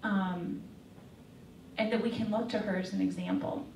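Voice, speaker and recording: A woman's voice: mid-range voice, fairly even intonation, normal speed, vocal fry, a little mellow, slight background noise. A woman giving a casual faith talk to young women, telling a story in a chatty way with lots of fillers. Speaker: speaker. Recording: echoey room, mic far off.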